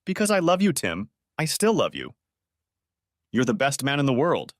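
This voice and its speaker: A man's voice: medium pitch, sing-song, a little slow, no echo, studio quality. A man voicing a tearful young wife who pleads and insists after being caught cheating. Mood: pleading.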